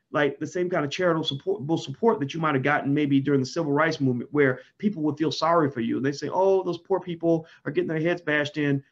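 A man commenting in an impassioned monologue, emphatic, with sudden loud high swings. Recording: dull lo-fi sound.

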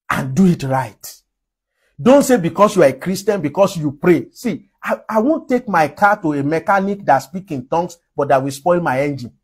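Husky-voiced man preaching with emphasis. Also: a little high. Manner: emphatic preaching with frequent laughs. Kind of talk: sermon.

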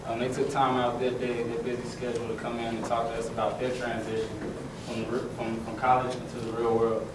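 A young man opens a panel in a steady, flat voice, with a few halting restarts. He sounds distant in a large echoing room with clear background noise. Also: mid-range voice. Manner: halting, with fillers. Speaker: student panel moderator. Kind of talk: introducing a panel. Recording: echoey hall from far off.

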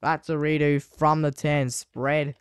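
A young man calls a live online game, his voice smooth and clear on a dry, close mic. He mutters low between plays and then bursts out in loud, high shouts. His pace is slow and drawn out. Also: no echo. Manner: excitable, swings between muttered asides and sudden shouts. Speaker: sports commentator.

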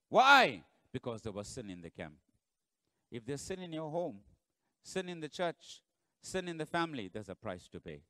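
A pastor delivers a sermon, telling the story dramatically as his voice swings between loud bursts and low, hushed lines. The recording is dry.

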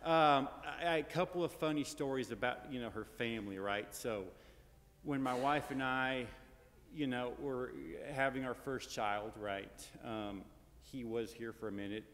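A grandson giving a casual, anecdotal funeral eulogy in a large church, full of fillers and tag questions. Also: male voice, medium pitch, a little slow, a bit bright, a little hiss or hum. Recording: long church reverb.

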